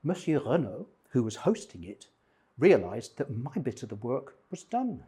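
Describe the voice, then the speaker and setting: A man's voice: mid-range voice, big pitch swings, normal speed, warm tone, breathy edge. A retired man in his sixties telling humorous, self-deprecating stories about his life to a church group. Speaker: speaker at a men's breakfast.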